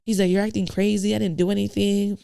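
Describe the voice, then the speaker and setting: A woman's voice: mid-range voice, fast talker, gravelly, smooth. A woman guest on a podcast, telling a blunt, profane story in casual chat and acting out who said what. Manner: blunt, profane, animated retelling of conversations.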